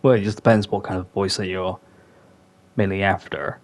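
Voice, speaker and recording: A man's voice: low-pitched, little pitch movement, normal speed. A young man hosting a podcast, chatting casually and rambling with many fillers. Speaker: podcast host.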